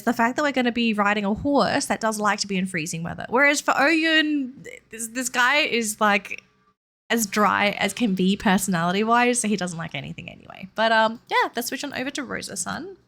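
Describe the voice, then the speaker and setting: Woman streamer, chatty let's-play commentary, fairly high voice, lots of ums. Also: a bit bright. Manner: chatty, addresses viewers, frequent ums. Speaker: streamer playing a horse game.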